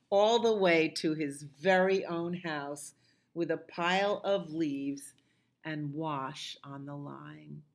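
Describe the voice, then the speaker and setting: A middle-aged woman leads a children's storytime, reading aloud in an unhurried way with a lowish voice. She breaks off for chatty, sing-song asides to the kids. Between stories she sings simple songs. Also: a bit bright. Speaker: children's librarian. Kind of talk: storytime read-aloud and singing.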